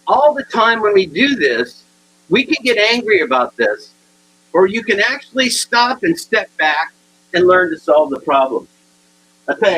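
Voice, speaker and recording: A man in his sixties giving a humorous motivational talk, animated and acting out the people in his stories. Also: high-pitched, husky, rough recording. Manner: animated storyteller acting out dialogue. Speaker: keynote speaker.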